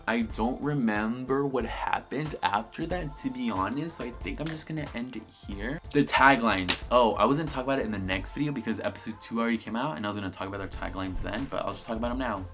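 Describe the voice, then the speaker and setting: A young man with a mid-pitched, slightly bright voice reviews a reality TV episode in a casual vlog, talking fast with few pauses while faint music plays behind him. He's sassy, swears a lot, and acts out the cast members in quotes.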